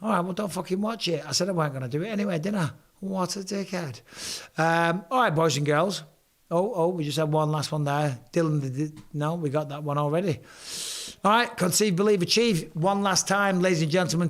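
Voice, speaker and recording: Hoarse man on a live stream. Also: on the high side, a little fast. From England. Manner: cheeky, swearing, banter with the chat. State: hoarse, voice strained. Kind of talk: casual live stream chat reading viewer comments.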